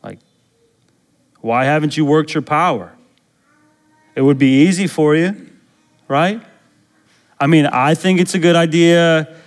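A preacher voicing a doubting jailed prophet. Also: male voice, medium pitch, unhurried, long pauses, natural voice. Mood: coaxing. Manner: casual, pleading, questioning. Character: doubting imprisoned prophet, adult man, pleading.

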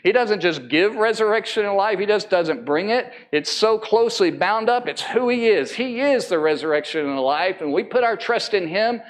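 Earnest pastor preaching a sermon. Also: male voice, animated. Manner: earnest, slows right down on key phrases and climbs higher when pressing a point. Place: church service.

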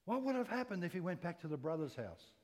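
A man preaching a sermon in an animated way, moving between loud exclamations and quiet, soft asides. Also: sits high, fast talker. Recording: long hall reverb.

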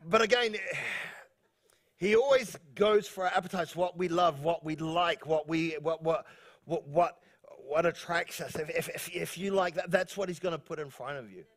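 A high-voiced man from New Zealand preaching a sermon. He jokes and rambles, laughs often and keeps restarting his sentences before he settles back into scripture. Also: moderate pace. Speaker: pastor.

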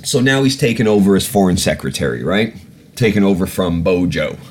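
A man's voice: sits low, expressive, brisk, a little mellow, a little hiss or hum. A man hosting a solo podcast, ranting about politics with heavy swearing and rambling, filler-laden asides. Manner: profane, ranting, swears often; rambling with many fillers and restarts. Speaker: podcast host.

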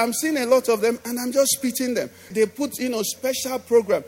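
High-voiced Nigerian pastor preaching emphatically. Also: male voice, moderate pace, hardly any pauses, a little mellow. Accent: Nigerian English. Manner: emphatic call-and-response preaching, asking "do you understand?". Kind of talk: sermon. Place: church.

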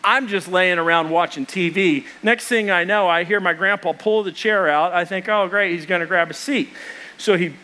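A man, a pastor, preaching a sermon and telling a family story with lively retold dialogue. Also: sits high, moderate pace. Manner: storytelling with animated retelling of dialogue.

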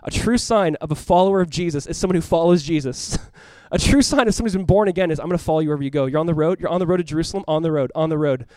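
A male pastor delivers a sermon at a rapid clip, his fairly high voice rising into urgent calls and dropping to near hushes. The recording is dry and close. He ends by leading the room in prayer. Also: no echo. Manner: impassioned, swings between loud urgent calls and hushed quiet passages. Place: church room with congregation.

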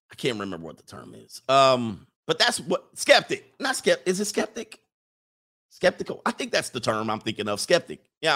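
A man in his forties talks through a casual commentary stream with a gravelly, creaky edge. His pitch swings widely as he jokes, and he often trails off while hunting for a word. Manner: animated, joking, trails off searching for words. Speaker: host reacting to clips and super chats.

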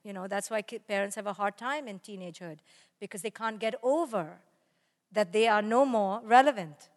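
A middle-aged woman, a parenting guest in an interview, telling lively stories about her family and laughing often. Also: mid-range voice, normal speed, long reverb tail. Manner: animated storytelling, laughs often, acts out family dialogue. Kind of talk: conversational interview.

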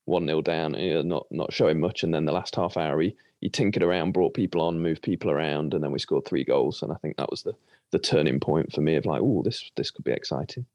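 A man with a very deep voice talks football as a podcast guest. His humour is dry and wry. The sound is close and dry. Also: fast, darkish tone, no room sound, muffled recording. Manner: dry, wry, results-focused. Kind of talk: casual football podcast chat.

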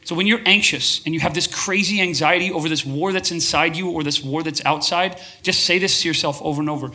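A man preaching to a congregation in a bright, ringing voice that sits fairly high. He speaks with passion, often calls for a show of hands, and keeps restarting his phrases as he builds his point. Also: a little fast, few pauses. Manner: passionate, asks the crowd for shows of hands. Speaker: pastor. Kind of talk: sermon to a live congregation.

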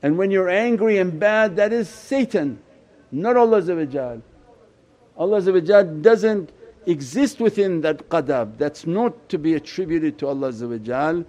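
A man giving a Sufi sermon as shaykh, impassioned and pleading, his voice swelling loud and then dropping low. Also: expressive, normal speed.

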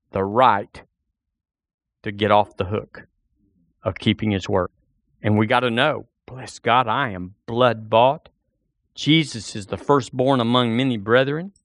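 Male pastor preaching a lively sermon in church, dry close sound. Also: medium pitch, no room sound. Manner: animated preaching, acts out a doubter's inner voice.

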